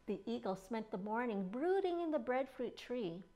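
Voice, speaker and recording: A children's librarian reading a picture book aloud with an expressive, playful delivery. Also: female voice, on the high side, moderate pace. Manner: expressive, playful reading with lively sound effects. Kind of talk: storybook read-aloud for children.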